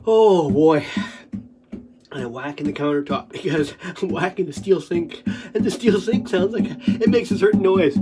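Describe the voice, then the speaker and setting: A man's voice: high-pitched, moderate pace, music in the background. A stuffed-up, short-of-breath man talking alone, breaking into laughing fits and coughing and swearing freely. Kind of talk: rambling solo monologue. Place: kitchen.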